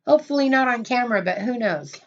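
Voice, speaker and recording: Casting: middle-aged woman host, higher voice, gushing and chatty, lo-fi stream audio. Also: lively intonation, quick pace. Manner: gushing, effusive greetings, repeats herself. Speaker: channel host on a livestream. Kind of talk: casual livestream chat greeting viewers.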